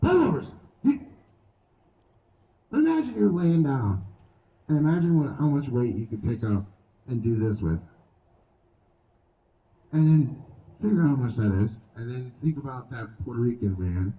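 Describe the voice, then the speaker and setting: A man's voice: medium pitch, a little slow, pauses often, roomy sound, far from the mic, a little hiss or hum, poor audio. A man performing a live stand-up set outdoors, crude and profane, telling stories with lots of swearing. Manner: crude, profane, animated storytelling. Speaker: stand-up comedian. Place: outdoor show venue.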